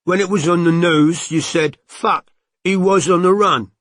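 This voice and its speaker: A sulky young layabout who mumbles his words in sullen slang, as a male narrator plays him. The voice is pitched up and takes on a different, muffled tone, recorded dry and close. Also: fairly even intonation, a little slow, fairly bright tone, dry recording. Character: weak, sulky young man hiding under a duvet.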